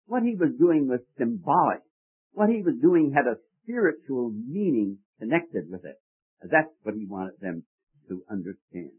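A man preaching in an expressive, rising-and-falling voice, pausing to quiz his listeners. His voice is slightly husky and comes through a dry, tinny, phone-like recording. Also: medium pitch. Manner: expository teaching with questions to the congregation. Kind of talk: sermon.

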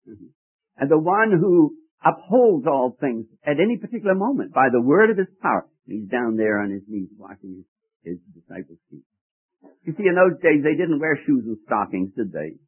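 A man's voice: mid-range voice, breathy edge. A man preaching a sermon, teaching verse by verse and putting questions to his congregation. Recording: tinny phone-like old recording.

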